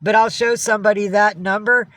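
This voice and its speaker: A woman's voice: medium pitch, steady tone, a little fast, fairly bright tone, dry recording. A chatty woman from upstate New York talks casually on a live stream and swears freely. She coos fondly at her cats between answers to viewers' comments. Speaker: livestreamer.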